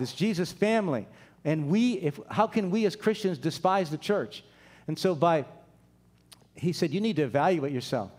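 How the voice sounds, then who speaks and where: A man's voice: fairly high pitch, a little mellow. A man preaching a conversational sermon, acting out the quoted dialogue as he goes. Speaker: pastor.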